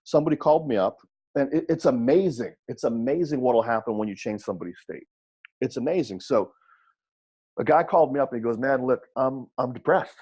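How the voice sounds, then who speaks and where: A wrestling coach leads an audio coaching seminar, repeating his points and checking in with listeners through quick rhetorical questions. His voice is medium-pitched and warm, with a slightly rough quality.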